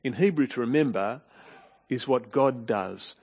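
A man preaching a sermon, walking through a Bible passage in a measured, earnest way and asking rhetorical questions. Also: mid-range voice, darkish tone, slightly rough. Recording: dull lo-fi sound.

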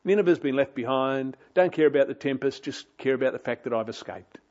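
A man preaching voices the inner thoughts of a runaway prophet, halting and self-assured. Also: mid-range voice, darkish tone, highs cut off, lightly acted. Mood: smug. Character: runaway prophet, adult man, smug and evasive.

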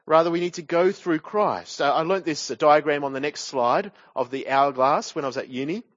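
A man's voice: on the high side, a little fast, no room sound, muffled recording. A man preaching a sermon from a church pulpit, walking through a passage and closing his points with rhetorical tag questions.

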